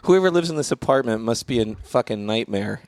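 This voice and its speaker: A man's voice: medium pitch, expressive, a little fast, a little mellow, no room sound. A man hosting a comedy podcast, joking and laughing through casual banter in an apartment. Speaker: podcast host.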